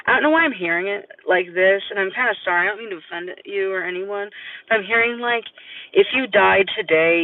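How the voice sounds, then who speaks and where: A man giving a live-stream tarot reading, rambling and hesitant with many fillers. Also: high-pitched. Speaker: tarot reader. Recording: distant, tinny phone-like sound.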